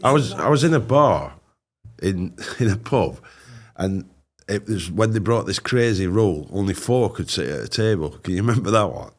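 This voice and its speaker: Male co-host, low voice with a swooping pitch, blunt storyteller. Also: normal speed. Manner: animated, blunt, dialect grammar. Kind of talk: casual anecdote telling.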